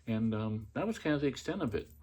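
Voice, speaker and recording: A man's voice: mid-range voice, animated, fast, darkish tone, breathy edge. A middle-aged man hosting a podcast, telling a personal story in a casual, chatty way with many fillers and restarts. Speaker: podcast host.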